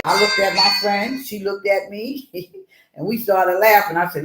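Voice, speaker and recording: A woman author telling a personal story in an animated way, acting out the voices of the people in it. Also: medium pitch, moderate pace, roomy sound, music in the background, poor audio. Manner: expressive, acts out voices in her story. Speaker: author guest.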